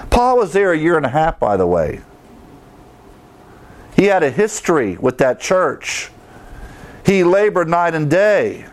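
A man's voice: fairly high pitch, very animated, a little slow, long pauses. A man preaching a verse-by-verse Bible teaching sermon in a conversational way, with frequent fillers and wry asides. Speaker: pastor teaching through scripture.

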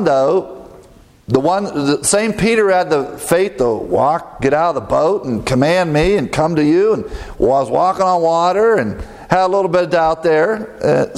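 A man's voice: fairly high pitch, vocal fry, darkish tone. A man from the American Midwest preaching a sermon in a conversational way, often laughing at his own jokes. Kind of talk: sermon with humor.

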